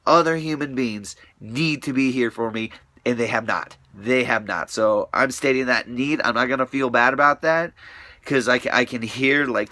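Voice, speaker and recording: A man's voice: medium pitch, sharp tone, no room sound. A man talking to camera in a rambling, profane monologue, restless and often trailing off into mutters.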